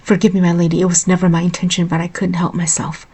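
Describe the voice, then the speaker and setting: A woman voicing a devoted young male royal guard in a storybook reading, speaking softly and earnestly. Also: lowish voice, little pitch movement, fast talker, breathy edge. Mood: tender.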